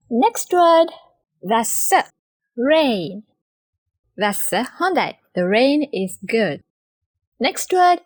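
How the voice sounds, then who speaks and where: Young female teacher, native Sinhala speaker; slow, patient delivery that repeats each word; animated pitch; dry, close sound. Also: no room sound. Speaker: language teacher. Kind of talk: slow, clear vocabulary lesson.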